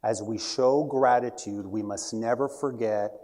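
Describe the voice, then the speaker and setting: A man's voice: medium pitch, steady tone, unhurried, warm tone. A middle-aged man giving a short talk, telling a story with asides.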